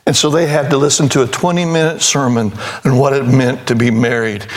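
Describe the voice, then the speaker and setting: A man's voice: mid-range voice, fairly even intonation, fairly quick. An older man preaching a sermon as pastor, telling a story in a folksy way and acting out both sides of the conversation, then rising to emphatic preaching.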